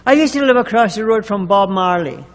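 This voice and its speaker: A woman's voice: mid-range voice, expressive, a little fast. A woman telling her recovery story to a group, candid and wry, with self-mocking humor. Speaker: recovering alcoholic sharing at a meeting. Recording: echoey meeting hall recording.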